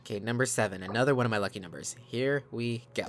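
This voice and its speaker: On a desk microphone, a man hosts a let's play, giving casual gaming commentary and chatting with viewers he calls "guys." His voice is medium-pitched and he talks fast, with a noisy background.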